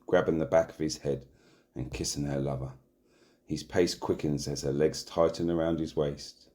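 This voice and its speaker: A man hosting and narrating a comic erotic audio story in a deadpan way, sometimes stumbling over words and laughing. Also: rumbling low. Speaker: narrator and host.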